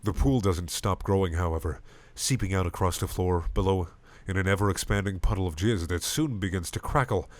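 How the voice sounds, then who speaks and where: A man reading a comedic parody story aloud with lively comic narration. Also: sits low, a little fast, dry recording. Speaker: reader.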